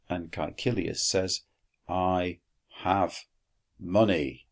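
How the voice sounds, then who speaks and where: Male teacher, deep gravelly voice, unhurried delivery, dry wit. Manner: dry wry asides, slow deliberate explanation. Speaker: Latin teacher. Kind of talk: recorded classroom lesson.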